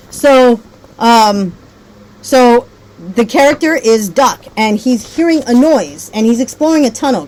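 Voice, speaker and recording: A woman's voice: a little high, a little mellow, rough recording. A woman training teachers on a reading method, rambling a little, correcting herself and checking in often. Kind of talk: teacher training talk with read-aloud demos.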